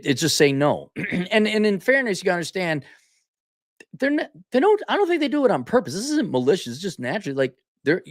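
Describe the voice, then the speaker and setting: Blunt opinionated man with a lively voice. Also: fairly high pitch, no echo, studio quality. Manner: blunt, opinionated, animated, frequent restarts. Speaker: podcast host. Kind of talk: casual opinion monologue.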